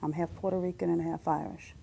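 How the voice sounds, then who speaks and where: Chatty woman telling stories, fairly low. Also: level tone, fast, gravelly, mellow, slightly rough. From United States. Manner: chatty storyteller, acts out voices in anecdotes. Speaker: singer and guest. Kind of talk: casual interview chat.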